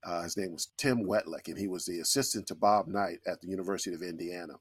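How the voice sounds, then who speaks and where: Middle-aged male guest, low voice, dry close sound, earnest reflective storyteller. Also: quick pace, breathy edge, no room sound. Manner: earnest, reflective, with frequent restarts. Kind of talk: conversational storytelling.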